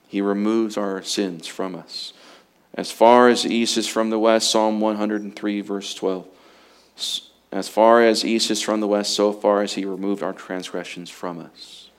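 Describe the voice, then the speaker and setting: A man preaching a sermon in an earnest way, slowing and rising for emphasis, then dropping low and quiet. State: emotional, fighting to get through.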